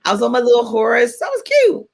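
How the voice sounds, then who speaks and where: A woman in her forties, co-hosting a radio talk show and telling stories in a playful, animated way. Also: on the high side, brisk, creaky. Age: 40s. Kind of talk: casual chat.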